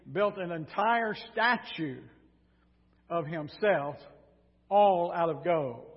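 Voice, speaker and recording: A male pastor preaching a sermon, retelling a story in a lively way with sarcastic asides. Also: high voice. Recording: dull sound in a reverberant hall.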